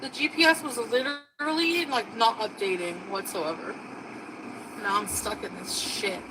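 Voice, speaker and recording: A woman's voice: fairly high pitch, measured pace. A woman talking casually to her viewers while she drives, stressed and grumbling. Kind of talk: casual talk while driving. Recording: road noise inside a moving car.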